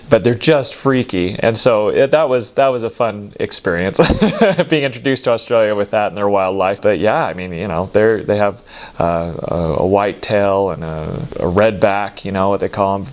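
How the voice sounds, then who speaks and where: A middle-aged man from the United States telling casual stories about living abroad, rambling with lots of fillers and restarts and laughing at himself. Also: on the low side. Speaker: storyteller recalling life abroad. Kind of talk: casual anecdotal monologue.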